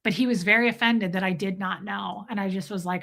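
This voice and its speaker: A woman's voice: medium pitch, steady tone, quick pace, creaky, hardly any pauses, fairly bright tone. A woman hosting a casual livestream Q&A, candidly answering chat comments and thanking viewers by name. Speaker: livestream host.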